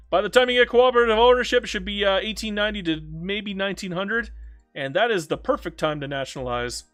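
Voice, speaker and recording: A man streams a strategy game, chatting casually with viewers and joking to himself. His commentary swings between loud outbursts and low mutters.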